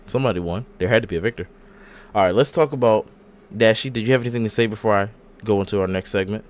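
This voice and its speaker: A man's voice: lowish voice, fast. A young man hosting a casual wrestling podcast, bantering with his co-hosts and recapping matches with exaggerated voices. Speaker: podcast host.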